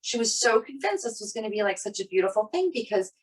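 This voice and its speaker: Animated woman telling a personal story. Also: medium pitch, fast talker, breathy edge. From Italian family. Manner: animated storyteller, quoting others with many "like" fillers. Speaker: podcast co-host. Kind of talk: casual storytelling chat.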